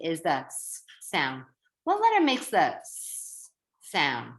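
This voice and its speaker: A woman teacher giving a reading lesson to young children, slow and sing-song, stretching out words. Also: lowish voice, huge pitch swings, a bit bright. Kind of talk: early-grade reading lesson. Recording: roomy echo.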